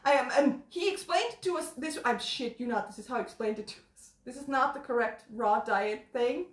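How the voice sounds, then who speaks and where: A woman's voice: high voice, normal speed. A woman hosting a casual live stream from her kitchen, rambling and laughing as she chats. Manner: rambling, laughing often, restarts. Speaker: stream host. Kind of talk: casual chat. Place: home kitchen. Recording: echoey room.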